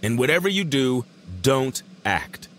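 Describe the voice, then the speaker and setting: A patient male coach, played by a man, gives instructions in a coaxing tone. His pitch moves a lot. Faint background noise runs under him. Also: sing-song, measured pace, fairly bright tone. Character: man coaching a robot actor before a shoot.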